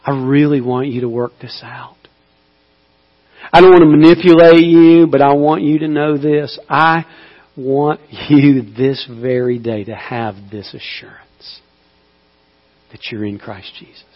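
A man preaching a sermon, moving between slow, hushed appeals and loud, pleading cries. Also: on the high side, fairly even intonation. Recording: dull sound with long hall reverb.

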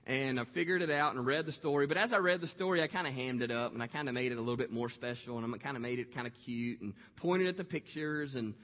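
A man in his thirties, a pastor telling a personal story in a sermon, speaking slowly and warmly with frequent pauses. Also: medium pitch. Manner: slow, heartfelt, many "um" pauses. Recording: echoey hall, dull lo-fi sound.

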